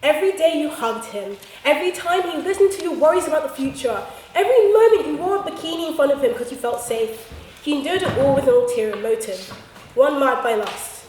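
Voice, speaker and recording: A woman's voice: high voice, lively intonation, brisk, a little mellow, a little hiss or hum. A young woman giving a humorous debate speech with punchy, theatrical comic delivery. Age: young adult. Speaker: student debater. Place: debating chamber. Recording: echoey hall from far off.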